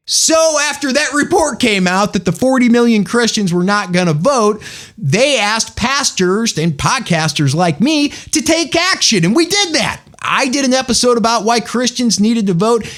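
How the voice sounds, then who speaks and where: A man's voice: extremely high pitch, fairly bright tone. A man hosting a religious podcast, talking in an emphatic, folksy storytelling way. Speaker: podcast host.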